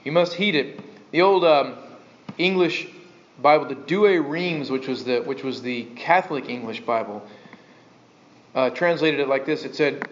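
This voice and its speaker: A man preaching a sermon, animated, acting out quick voices and asking rhetorical questions. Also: a little high, lo-fi sound. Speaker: pastor.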